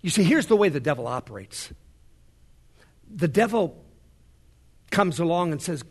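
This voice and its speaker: Man, pastor, sermon, husky voice, a bit high-pitched, hushed to fervent. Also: expressive, brisk. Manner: preaching with big swings between hushed and rising fervor. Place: large worship center.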